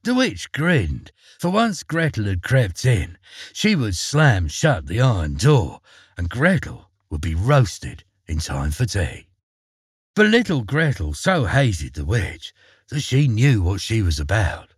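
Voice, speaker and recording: A man reading a fairy tale aloud in a slow, dramatic storytelling style. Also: lowish voice, wildly swooping pitch, husky, no room sound, clean studio sound.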